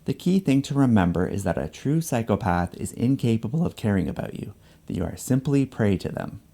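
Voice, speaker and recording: A man giving measured, scripted narration for an explanatory video essay. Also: fairly low pitch, animated, creaky, dark tone.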